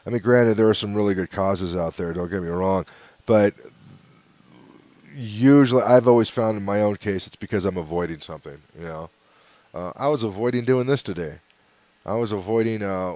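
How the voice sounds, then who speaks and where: Brief: male podcast host, low voice, dry close sound, easygoing rambling delivery. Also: a little mellow, dry recording. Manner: laid-back and rambling, with frequent fillers and chuckles. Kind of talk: casual solo podcast, reading hate mail aloud.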